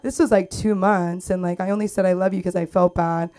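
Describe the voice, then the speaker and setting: A woman's voice: on the low side, steady tone, a little fast, dark tone. A young woman doing a stand-up set on a comedy club stage, chatty and rambling, acting out quotes. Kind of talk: stand-up set at an open mic. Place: comedy club stage under bright lights.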